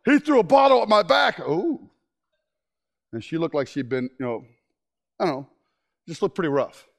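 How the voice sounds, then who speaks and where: A man preaching a sermon, telling stories in an animated way with frequent restarts. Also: on the high side, normal speed, vocal fry.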